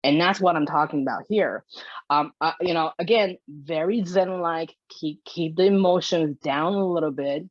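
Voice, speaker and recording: Brief: woman behavior consultant, animated explainer, dull and dry video-call sound. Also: deep voice, normal speed, dry recording. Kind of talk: educational webinar talk.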